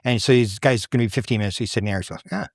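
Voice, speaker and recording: An older man from Canada, a guest researcher, telling stories in conversation and acting out the people he quotes with sudden jumps in pitch. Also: steady tone, rapid-fire, dry recording, studio quality. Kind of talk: animated storytelling in conversation.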